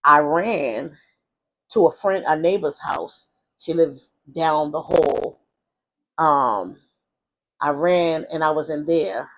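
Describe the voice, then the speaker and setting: A woman tells a personal story in a casual vlog, rambling through fillers and restarts and jumping into high voices when she quotes people. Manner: animated retelling, acting out quoted voices in a high pitch. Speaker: vlogger telling her life story.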